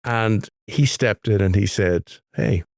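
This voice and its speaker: A man's voice: fairly low pitch, moderate pace, a little mellow, no room sound, clean studio sound. A man co-hosting a podcast, chatting casually and telling stories, acting out the voices of the people he quotes. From Ireland. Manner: storytelling, acts out quoted voices. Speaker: podcast co-host. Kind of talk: casual chat, anecdotes. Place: London.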